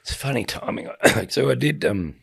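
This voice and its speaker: At normal speed and medium pitch, a middle-aged man recounts a personal story in an animated, gravelly voice with some breathiness. He's a sports commentator guesting on a podcast, chatting casually and bringing the quoted dialogue to life by acting it out.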